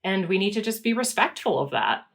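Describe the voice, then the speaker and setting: A woman guest on a podcast interview, speaking in an earnest, measured way. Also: medium pitch, very animated, creaky, fairly bright tone. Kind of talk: conversational interview.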